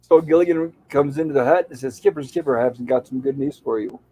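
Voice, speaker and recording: A man's voice: mid-range voice, fast talker, warm tone, no room sound, poor audio. A man hosting a casual show, retelling an old TV episode and reading out its lines in a loose, chatty way. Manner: reads out quoted lines in a loose, chatty recap. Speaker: show host.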